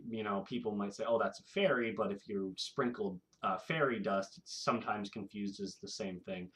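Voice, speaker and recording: A man hosting his own video, talking casually to camera in a rambling, animated way and laughing often. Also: on the low side. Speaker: video host.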